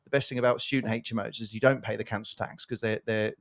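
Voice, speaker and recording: A man's voice: fairly low pitch, little pitch movement, creaky. A man co-hosting a property podcast, chatting about tenants and past projects with rambling asides. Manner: rapid rambling delivery with asides. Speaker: podcast co-host, property developer. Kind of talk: casual chat.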